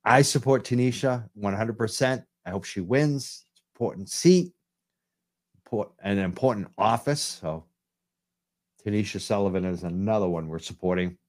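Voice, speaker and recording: A man's voice: lowish voice, normal speed. A man hosting a live call-in radio show, talking enthusiastically and rambling through restarts.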